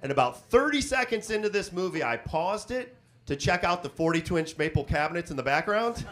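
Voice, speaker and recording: A man's voice: sits high, animated, fairly quick, a bit bright. A man hosting a stand-up comedy set on a club stage, telling self-mocking stories and chatting with the crowd through a handheld mic.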